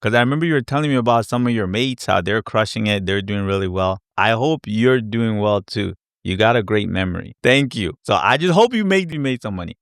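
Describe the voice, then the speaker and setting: A man hosting a casual live Q&A stream, chatty and animated, acting out his past reactions with little sound effects. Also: fairly low pitch, brisk, few pauses, smooth, no echo, clean studio sound. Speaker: crypto educator hosting a live Q&A. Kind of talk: casual livestream chat.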